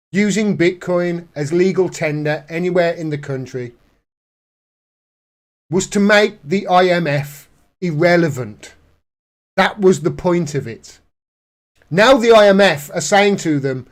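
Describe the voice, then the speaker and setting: A man talks through news stories in a casual, sarcastic way. His voice sits fairly high, and he pokes fun at what he reads with plenty of scorn. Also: slow, pauses often. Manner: sarcastic, mocking, laughs at the news. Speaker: political commentator. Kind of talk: casual commentary reading news articles.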